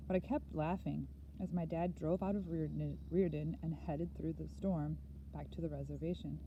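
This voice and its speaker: A woman reading a first-person novel aloud in an earnest, measured storytelling manner. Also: sits low, mellow, highs cut off, slight background noise. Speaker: audiobook reader.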